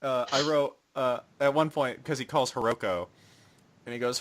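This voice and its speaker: This young man co-hosting a casual podcast has a mid-range, slightly bright voice and talks fast. He recaps an anime, acting out the characters' lines in shifting voices.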